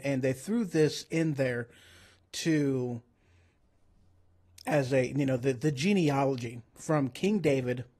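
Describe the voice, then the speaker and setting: A man's voice: medium pitch, a little mellow. A man hosting a casual livestream, rambling and going off on tangents, joking at his own expense, and saying he feels like he is coming down with a cold. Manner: rambling, self-deprecating, goes off on tangents. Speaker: streamer host. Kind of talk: casual livestream chat about the Bible.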